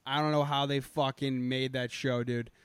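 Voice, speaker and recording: A man's voice: medium pitch, little pitch movement, moderate pace, clear, resonant tone, no echo, clean studio sound. A young man co-hosting a podcast, chatting crudely and jokingly and saying "dude" a lot. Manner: profane, joking, says "dude" often. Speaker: podcast co-host. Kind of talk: crude casual chat.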